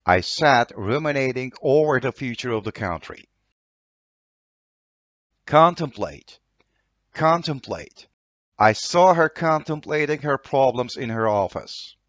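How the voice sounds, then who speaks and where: A man's voice: medium pitch, expressive, takes it slowly, long pauses, fairly bright tone, no room sound, dull audio. A man with a Turkish accent teaching English vocabulary, saying each word twice and reading an example sentence. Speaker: language teacher.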